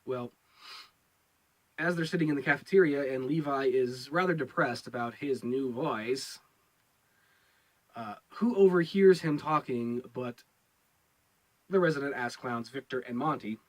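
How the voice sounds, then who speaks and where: A man's voice: mid-range voice, a little slow, long pauses, low-quality recording. A man giving a casual review of a TV episode, rambling and repeating his words with many fillers. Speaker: show reviewer.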